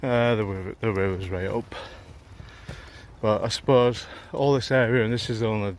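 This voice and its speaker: A man's voice: lowish voice, steady tone, normal speed. Man, South Yorkshire accent, casual fishing vlog, jokey and chatty, outdoors, faint noise behind. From South Yorkshire, England. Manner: chatty, jokey, swears when annoyed. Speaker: angler vlogger. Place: outdoors by a river and canal.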